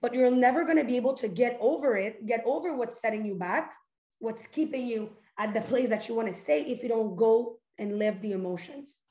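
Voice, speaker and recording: Speaking fairly quickly in a mellow, somewhat high voice, a young woman hosts a casual motivational talk. She's chatty, goofy and sincere, full of "like" and restarts, and the room echoes.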